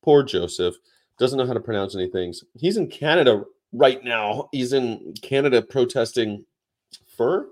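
A man's voice: mid-range voice, animated, normal speed, a little mellow. A man hosting a livestream, chatting casually and rambling between topics and read-aloud definitions. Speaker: livestream host.

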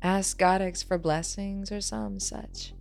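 A woman's voice: mid-range voice, level tone, slow, darkish tone, faint music behind, close to an everyday voice. A woman voicing a wry, guarded healer who brushes off teasing. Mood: careless.

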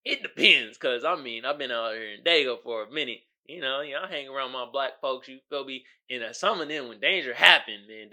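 A man's voice: mid-range voice, pushed and bright. A man hosting his own podcast, talking casually in slangy commentary and often asking "you feel me.". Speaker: podcast host.

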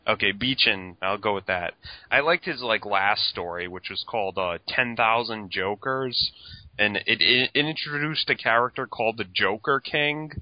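Rambling low-voiced man, lo-fi podcast sound. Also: no room sound. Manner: rambling, heavy use of "like", swearing. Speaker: podcast co-host. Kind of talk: casual chat.

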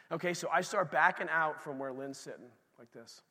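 His voice is a little high and a little fast, with few pauses and a sharp tone. The man is giving a sermon in a church sanctuary, telling stories casually and addressing asides to the congregation, all under the long reverb of a church hall.

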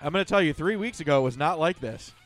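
A man's voice: a little high, lively intonation, quick pace, faint music behind. A man co-hosting a podcast, chiming in with blunt, wry remarks. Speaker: podcast co-host. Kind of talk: casual podcast chat.

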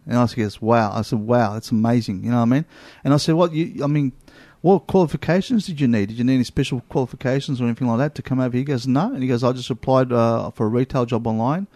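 A man with an Australian accent, hosting a casual chat and telling animated travel stories full of asides. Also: mid-range voice, quick pace, no echo, studio quality. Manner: animated storyteller, lots of "you know what?".

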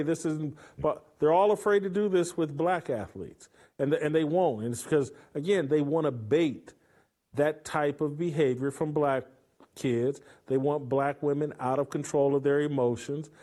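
A man giving earnest sports opinion commentary, restarting his sentences often. His voice is mellow and dark in tone and sits a little high for a man. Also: normal speed.

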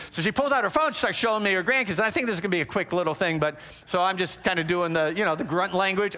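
A man giving a teaching talk on relationships, animated and conversational, with frequent asides to the audience. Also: sits high, quick pace, hardly any pauses.

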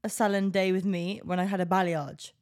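A woman's voice: medium pitch, flat delivery, a little fast, darkish tone. A young woman, co-hosting a podcast in playful, argumentative banter with frequent laughter. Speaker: podcast co-host. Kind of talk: casual chat.

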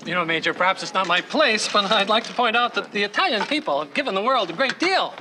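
A gentle army chaplain. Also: male voice, high voice, animated, fast talker, noisy background. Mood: earnest. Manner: polite, earnest. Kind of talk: 1970s TV sitcom acting.

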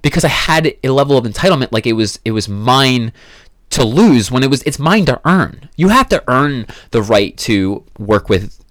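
Man, podcast host, blunt motivational rant, swings widely in pitch, dry close sound. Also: lively intonation, moderate pace, fairly bright tone, dry recording. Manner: blunt, swears a lot, emphatic. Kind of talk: motivational monologue.

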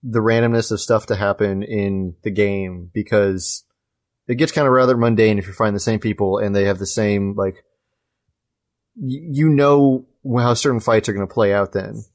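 A man's voice: on the low side, moderate pace. Hesitant man hosting a gaming podcast. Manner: hesitant, stammering restarts. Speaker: podcast host. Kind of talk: casual gaming chat.

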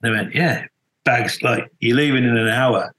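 A man's voice: medium pitch, normal speed, fairly bright tone, low-quality recording. A middle-aged man, a guest musician in a casual interview, telling rambling stories full of restarts and acted-out quotes. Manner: rambling storyteller, many restarts, acts out quotes.

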